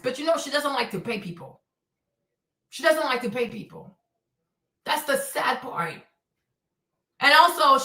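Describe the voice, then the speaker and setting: A woman's voice: high-pitched, pushed and bright, recorded from a distance. A woman hosting a livestream, ranting casually with heavy profanity and exasperation. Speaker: streamer host. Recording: echoey room, voice a bit off-mic.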